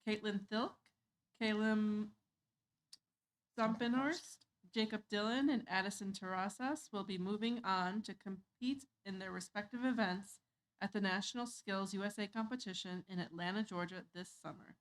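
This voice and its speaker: A woman's voice: medium pitch, normal speed, low-quality recording. Woman reading meeting announcements. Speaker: board member.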